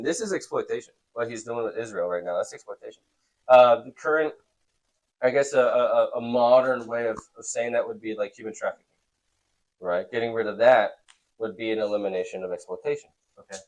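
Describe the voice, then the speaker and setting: A man teaching a youth Bible class in a relaxed, conversational way, often checking in with the students. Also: medium pitch, a little fast, low-quality recording.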